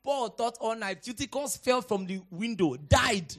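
High-voiced preacher man shouting scripture. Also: animated, unhurried. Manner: swings from hushed teaching to shouted exhortation; dramatic archaic scripture quoting. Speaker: pastor. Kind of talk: sermon.

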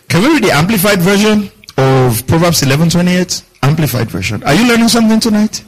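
A man's voice: very animated, fairly quick, few pauses, low-quality recording. A man preaching a sermon as a pastor, asking his congregation questions, repeating key lines and acting out the people in his stories. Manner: acts out quoted voices with big pitch jumps.

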